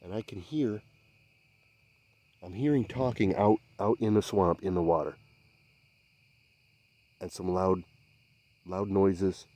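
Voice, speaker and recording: A man investigating the woods by a swamp at night, speaking in a hushed, halting, searching way and sometimes calling out loudly. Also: sits low, no room sound. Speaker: field investigator. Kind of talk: night field investigation commentary.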